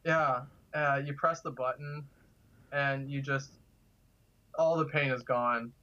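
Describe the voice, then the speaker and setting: A man's voice: medium pitch, fairly even intonation, takes it slowly, pushed and bright, highs cut off. A man telling casual stories as a guest, chatty and laughing through his anecdotes. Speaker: guest, kidney donor. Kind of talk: casual storytelling.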